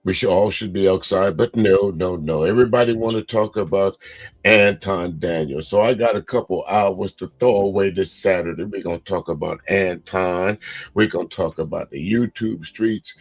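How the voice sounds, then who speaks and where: A man hosting a casual live stream chat show, talking in a laid-back, drawn-out way and chuckling often. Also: deep voice, husky, no room sound.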